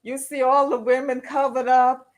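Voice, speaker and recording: A woman's voice: high voice, normal speed. A woman telling stories in casual chat, acting out quotes and laughing as she goes. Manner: animated storyteller who acts out quotes and laughs through her stories.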